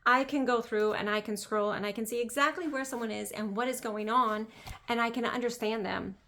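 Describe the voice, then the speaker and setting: A woman's voice: a little high, fairly even intonation, fairly quick, sharp tone, a little hiss or hum. A woman business coach talking in a casual monologue, emphatic and chatty, repeating phrases and saying "like" often.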